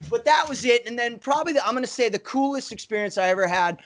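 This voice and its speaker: A man's voice: very high-pitched, animated, fast talker, a bit bright. A man in his fifties, a guest musician on a podcast, telling enthusiastic, rambling anecdotes full of "you know". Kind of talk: casual podcast storytelling.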